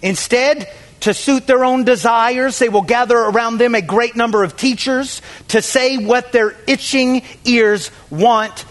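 A man preaching a sermon with emphatic delivery, swinging from raised calls to hushed, whispered asides as he acts out excuses. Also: very high-pitched, a little slow. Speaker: pastor.

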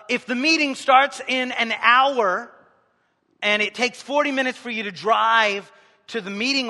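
A man preaching a sermon in a church, joking with the congregation and swinging between loud, emphatic lines and quiet asides. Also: sits high, in a large hall. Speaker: pastor. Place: church sanctuary.

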